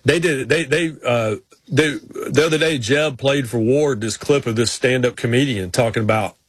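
Husky-voiced man on a sports talk show. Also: mid-range voice, no room sound. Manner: rambling, with quick restarts and folksy impressions. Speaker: radio sports show co-host. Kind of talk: casual storytelling chat.

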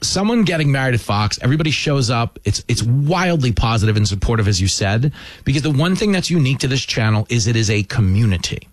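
A man co-hosting a casual chat, telling stories in an emphatic, animated way. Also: medium pitch, fast, no echo. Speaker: TV host.

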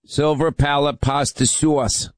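A man's voice: fairly high pitch, flat delivery, slow pace, no echo. Emphatic man hosting a talk radio show. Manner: emphatic, teasing, rally-style delivery. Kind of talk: talk radio, taking calls.

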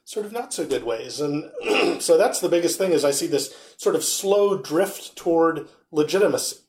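Wry man with a higher voice. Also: lively intonation, moderate pace, a little mellow, echoey room. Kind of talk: casual podcast chat.

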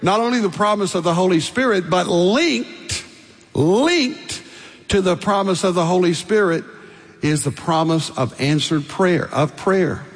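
A man's voice: high-pitched, moderate pace. Older male preacher, ringing hall. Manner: emphatic preaching with repeated lists and rising stresses. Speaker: pastor. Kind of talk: sermon.

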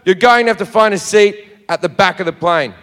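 An Australian man voicing a stern female flight attendant who scolds and shouts orders, live in a hall. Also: sits high, brisk, clear, resonant tone. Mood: scolding. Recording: live venue with hall reverb and audience.

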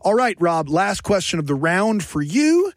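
A man's voice: high voice, very animated, a little slow, no room sound. A man hosting a trivia game, reading questions and adding chatty, upbeat asides. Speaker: quiz host.

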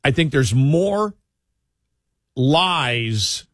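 A man's voice: mid-range voice, animated, drawn-out words, a bit bright, dry recording, studio quality. A man hosting a talk radio show in casual chat, telling stories animatedly with restarts.

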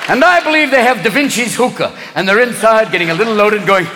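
A man's voice: high voice, lively intonation, a little slow, pauses often, background noise. A male stand-up comedian performing a manic routine live, jumping in and out of wild character voices. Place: large theater stage. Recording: live show, hall reverb, loud crowd.

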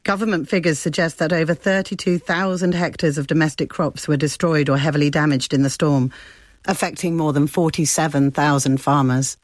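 A woman correspondent reading a scripted radio report in a measured, descriptive way. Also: low voice, fairly even intonation, dry recording. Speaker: foreign correspondent.

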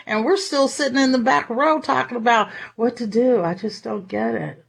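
Woman giving a sermon, high voice, animated and chatty. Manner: animated, acts out Bible scenes with laughs. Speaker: preacher.

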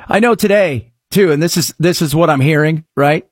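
A man's voice: a little high, normal speed, hardly any pauses, breathy edge, no echo, clean studio sound. A middle-aged man hosting a talk-radio show, delivering a sarcastic, opinionated monologue that swings between mutters and outbursts.

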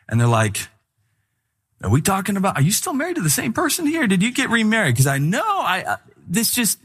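A male pastor giving a conversational sermon in an animated, candid way, with humorous asides. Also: mid-range voice.

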